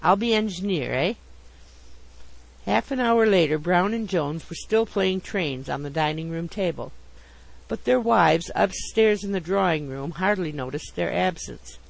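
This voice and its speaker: A man narrating a comic story, reading in a wry, even tone. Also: high voice, a little slow, vocal fry, low-quality recording.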